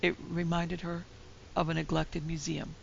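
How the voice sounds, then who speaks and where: A woman narrating a classic ghost story in a measured, steady storytelling voice. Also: low-pitched, creaky, slight background noise. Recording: dull lo-fi recording.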